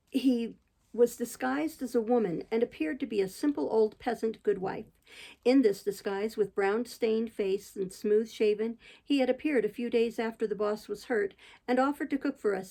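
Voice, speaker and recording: Woman, audiobook narration, gravelly, mellow, measured. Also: fairly high pitch, poor audio. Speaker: audiobook reader.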